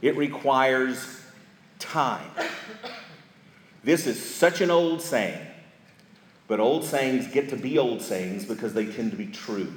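A man's voice: mid-range voice, lively intonation, slow, pauses often. Man, marriage seminar speaker, folksy storyteller, echoey hall, long reverb. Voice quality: folksy, storytelling with emphatic repetition. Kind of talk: church seminar talk. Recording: echoey hall with live audience.

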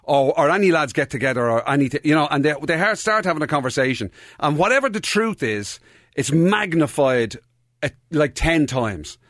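A man's voice: fairly high pitch, lively intonation, normal speed, fairly bright tone, no echo, studio quality. A man co-hosting a podcast, rambling through stories in casual chat and swearing. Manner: rambling storyteller, repeats "to be honest with you", swears. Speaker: podcast co-host.

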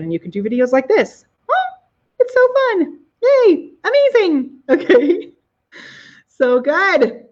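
A woman's voice: medium pitch, muffled recording. A woman hosting a casual live video show from her living room, bubbly and exclamatory, gushing over her viewers. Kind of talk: casual live-stream chat.

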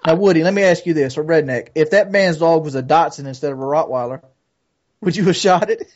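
A man's voice: fairly high pitch, fairly quick, darkish tone, muffled recording. A man recounting a news story and arguing his view in a profane, opinionated way over a call. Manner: argumentative, profane. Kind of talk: opinionated chat. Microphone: call audio.

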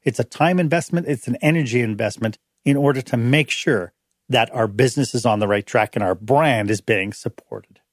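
A middle-aged man gives a motivational management talk with a lively, swooping pitch. His voice is a little husky, and he drops into changed voices to act out small everyday dialogues. The recording is close and dry. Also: no echo. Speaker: host.

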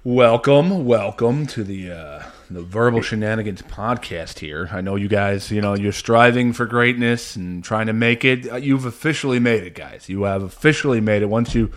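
A man from New Jersey hosting a casual podcast over a remote call, ranting in an animated way with lots of fillers and restarts. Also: fairly low pitch, normal speed, few pauses. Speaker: podcast host.

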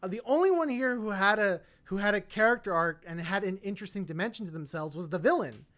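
A podcast co-host with a medium-pitched, slightly bright, expressive voice talks quickly through a casual film review. The take is blunt and opinionated, rambling with plenty of fillers and restarts.

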